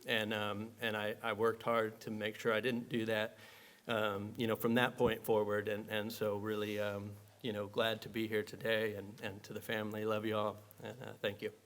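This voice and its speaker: A man who was once a student, speaking a halting memorial tribute full of fillers. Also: fairly low pitch, monotone, a bit bright. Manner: halting, many fillers and restarts. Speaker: former student giving a tribute.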